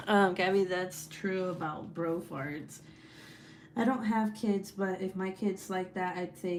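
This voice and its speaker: A woman's voice: lowish voice, normal speed, slight background noise. Laughing, foul-mouthed woman livestreamer. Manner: swears freely, laughs often, animated and chatty. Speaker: livestream host. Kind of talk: casual chat and storytelling.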